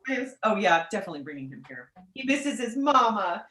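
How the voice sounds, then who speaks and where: A woman's voice: mid-range voice, a little fast, roomy sound. A woman guide chatting casually and animatedly, acting out voices as she tells stories. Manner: animated, acts out quoted voices, laughs often. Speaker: tour guide. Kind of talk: casual chat.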